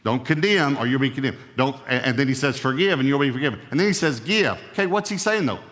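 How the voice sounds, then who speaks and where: Guy preaching a sermon, mid-pitched, punchy swings up n down, long hall reverb. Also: lively intonation, fast, fairly bright tone. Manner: emphatic, rising and falling in pitch and volume. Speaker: pastor.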